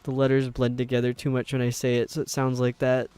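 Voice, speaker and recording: A man's voice: medium pitch, monotone, quick pace, darkish tone, clear, resonant tone, no echo, soft background music. Chatty New York streamer guy. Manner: rambling and chatty, with frequent fillers. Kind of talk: casual chat while gaming.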